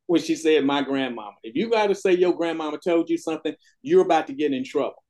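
A man's voice: a little high, fast talker, dark tone. An older man, a trial lawyer telling a courtroom story in an interview, acting out quoted voices. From Texas.

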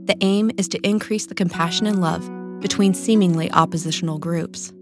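A woman reading her own personal essay aloud in a calm, measured, sincere way. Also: fairly low pitch, over music.

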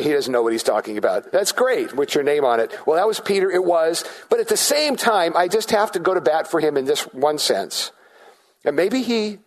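A man preaching a sermon as pastor, in a conversational way, asking the congregation questions and often restarting his sentences. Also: fairly high pitch.

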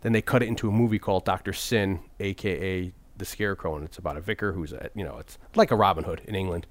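A man co-hosting a casual movie podcast, rambling and animated as he talks, with quick restarts. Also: deep voice, dry recording. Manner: rambling, animated, slips into silly impressions. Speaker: podcast co-host.

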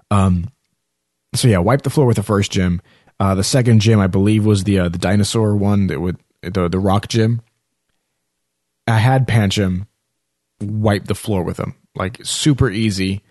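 Casual gamer guy, lowish voice, rambly, fillers and restarts, close dry mic. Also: darkish tone, no room sound. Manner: rambling, many fillers and self-corrections. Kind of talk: casual video game talk.

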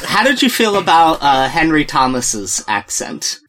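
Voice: mid-range voice, sing-song, measured pace, fairly bright tone. A podcast co-host in casual chat, asking questions and often starting with a hesitant "uh".

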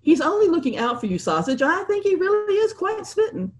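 A woman reading aloud and voicing a breezy, unflappable upper-class gentleman. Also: very high-pitched, sing-song, fairly quick, pitched above the performer's own voice, exaggerated voice. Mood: wry. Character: unflappable posh English gentleman, man.

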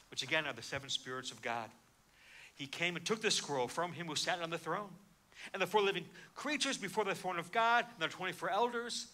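A man preaching a sermon, emphatic, swinging between hushed and loud delivery. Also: high voice.

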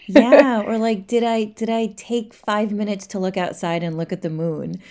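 A woman's voice: mid-range voice, steady tone, normal speed, a little mellow. A woman hosting a podcast interview, affirming her guest and laughing along. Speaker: podcast host.

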